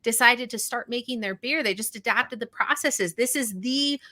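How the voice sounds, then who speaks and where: A young woman co-hosting a sports podcast with a bright, forceful tone. She talks loudly into the microphone and keeps things upbeat, with frequent laughter. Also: on the high side, normal speed. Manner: upbeat, laughs often, loud into the mic. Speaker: podcast and radio host. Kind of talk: casual sports podcast chat.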